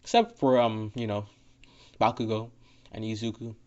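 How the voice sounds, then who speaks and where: A man's voice: on the low side, steady tone, normal speed, a little mellow. Rambling, profane male storyteller. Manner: rambling, profane, full of fillers and restarts. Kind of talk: casual rambling fan-story narration. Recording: dull lo-fi audio.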